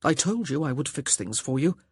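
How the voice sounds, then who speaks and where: A woman voicing a self-assured roguish gentleman, speaking in a dry, sardonic, clipped way in an audiobook. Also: sits low, very animated, brisk, slightly rough, dry recording, heavily acted. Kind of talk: audiobook character voice.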